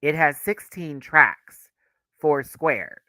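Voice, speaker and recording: A man hosting a livestream, chatting casually as an excitable fan who gushes and laughs often. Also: mid-range voice, moderate pace, no room sound. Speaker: livestream host.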